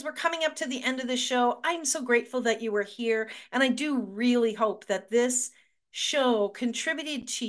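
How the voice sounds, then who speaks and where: A middle-aged woman hosting a motivational talk show, speaking earnestly and repeating words for emphasis. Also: medium pitch. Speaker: show host.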